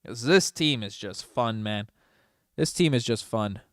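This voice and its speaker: A man giving casual, partisan play-by-play on a fan livestream, moving from low mutters to loud excited shouts. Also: a little slow, no room sound, studio quality. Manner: excitable, swings from mumbling to shouting. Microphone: desk microphone.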